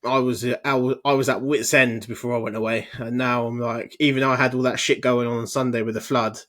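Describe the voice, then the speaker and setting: A man in casual podcast chat who gives relaxed, sweary advice. His voice stays flat and even, with little rise or fall. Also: mid-range voice, quick pace. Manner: laid-back, sweary advice-giving. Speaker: podcast co-host.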